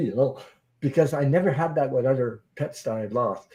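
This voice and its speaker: A man's voice: medium pitch, fairly quick, mellow, rough recording. A man hosting a casual live-stream group chat on a video call. He tells stories with feeling and often repeats himself. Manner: emotional, repeats himself while telling a story.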